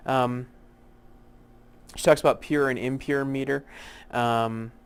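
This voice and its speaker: A man teaching poetic meter in an unscripted lecture, with many fillers and restarts, slowing down to spell out terms. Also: mid-range voice, steady tone, clear, resonant tone. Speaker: literature instructor. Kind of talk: recorded lecture.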